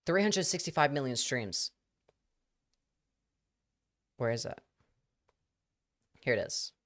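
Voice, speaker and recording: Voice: mid-range voice, big pitch swings, slow pace, fairly bright tone. A live streamer casually telling a rambling anecdote to the audience, full of fillers and quoted voices.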